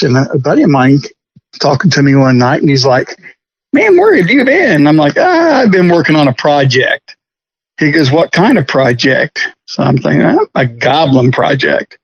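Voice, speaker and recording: A middle-aged man telling stories about restoring a prop in a casual interview, folksy and quick to laugh. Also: a little high, creaky, dry recording, dull audio. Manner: chatty, folksy, laughs often.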